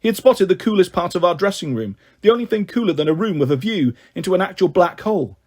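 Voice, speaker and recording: A man reading a children's book aloud, lively and expressive. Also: high-pitched, quick pace. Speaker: storyteller.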